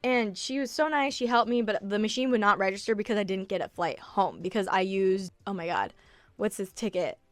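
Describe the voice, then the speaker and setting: A woman's voice: medium pitch, lively intonation, a little fast, no room sound. A woman in her early twenties telling her travel story in a chatty, confessional way, full of "like" fillers and casual swearing, sometimes close to tears. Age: early 20s. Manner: emotional, close to tears at times. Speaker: travel vlogger.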